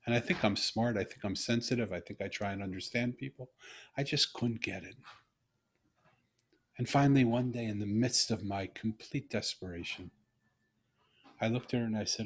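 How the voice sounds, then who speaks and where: A middle-aged man hosting a video call conversation, telling a personal story earnestly and growing animated when he quotes himself. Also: lowish voice, normal speed, breathy edge. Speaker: interview host.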